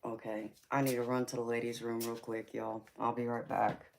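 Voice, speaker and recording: A woman's voice: extremely low pitch, level tone, moderate pace, vocal fry, a little mellow, slight background noise. A woman with a Georgia accent reading tarot on a livestream, chatting with viewers and calling them honey and sweetheart. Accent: Southern US, Georgia. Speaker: tarot reader hosting a livestream. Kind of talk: casual livestream chat.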